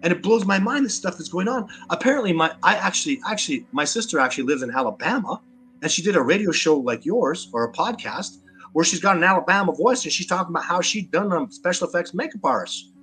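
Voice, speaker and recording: A man's voice: high-pitched, animated, fast talker, fairly bright tone. A man with a Canadian accent, speaking as an interview guest in an emphatic, combative way, often repeating words as he gets worked up. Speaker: interview guest, Sasquatch researcher. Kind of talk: animated interview talk.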